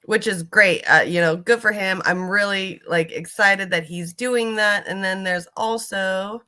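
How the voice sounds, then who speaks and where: A woman's voice: mid-range voice, takes it slowly, pushed and bright. A woman giving casual reaction commentary on videos, rambling with lots of fillers and casual swearing.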